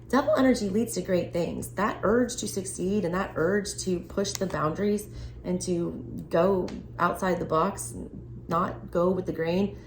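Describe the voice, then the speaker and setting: A casual, excitable woman talks through a tarot deck, reacting freely and swearing now and then. Her voice sits a little low. The room is echoey with a faint hiss behind her. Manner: chatty, excitable, swears casually, frequent laughs. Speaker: tarot reader. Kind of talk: casual unboxing and tarot reading.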